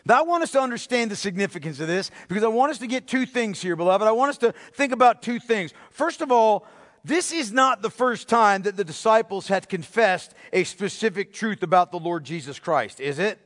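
A man preaching a sermon as pastor, emphatic, asking the congregation rhetorical questions and dropping to a hushed voice for effect. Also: high voice, lively intonation, a little fast, long reverb tail. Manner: dramatic drops to a hushed voice.

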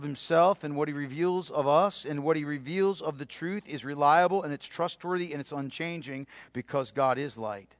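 A man preaching a sermon, emphatic, repeating key phrases and dropping to a hushed voice for stress. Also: fairly high pitch, normal speed, few pauses, dry recording. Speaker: pastor.

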